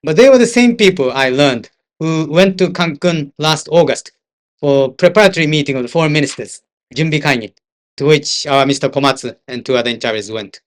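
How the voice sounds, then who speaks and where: A man's voice: a little high, brisk. An older man with a Japanese accent, an interpreter giving a seminar talk full of anecdotes, sometimes slipping into Japanese asides. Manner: storytelling, switches into Japanese asides. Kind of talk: anecdotal lecture.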